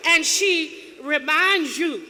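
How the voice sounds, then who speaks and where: A woman with a high, bright, forceful voice delivers a motivational keynote at a slow, deliberate pace. Her phrasing rides on rhythmic repetition that keeps building emphasis. Her voice rings through a reverberant auditorium with an audience faintly present. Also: animated, background noise. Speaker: keynote speaker. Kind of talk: motivational speech.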